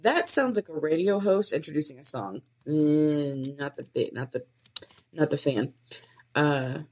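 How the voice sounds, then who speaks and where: A woman's voice: low voice, expressive, unhurried, a little mellow. A young woman in her twenties testing podcast intros alone, thinking aloud and trying out upbeat greetings between comments. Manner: tries out upbeat intro lines, then comments on them. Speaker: aspiring podcast host. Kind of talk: solo test recording, thinking aloud.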